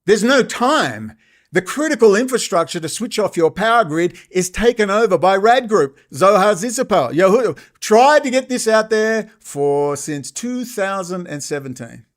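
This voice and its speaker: A man's voice: sits high, animated, moderate pace. An Australian man hosting his own channel, ranting angrily in a profane monologue and mocking others in sarcastic put-on voices. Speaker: channel host.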